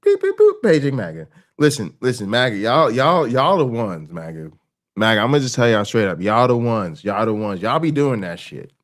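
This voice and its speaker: A man hosts a casual reaction livestream in a profane, animated style. His delivery swings from low, quiet murmurs to fast, excited rants. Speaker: streamer host.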